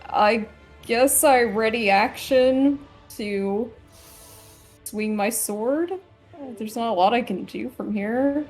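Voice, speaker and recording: A woman's voice: on the high side, slow, darkish tone, soft background music, low-quality recording. A woman playing a tabletop game, hesitant and unsure of her moves. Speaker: player. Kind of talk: casual tabletop play.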